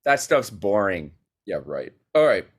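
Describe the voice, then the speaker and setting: A man, a guest filmmaker, telling a story in a casual podcast chat, animated and rapid with many fillers. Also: on the low side, slightly rough.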